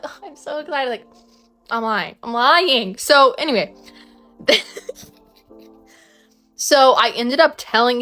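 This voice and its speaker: A woman's voice: on the high side, fairly bright tone. A young woman telling a personal story in a chatty, casual way, full of fillers and giggles. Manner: chatty, lots of "like" and "whatever", giggles. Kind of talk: casual anecdote.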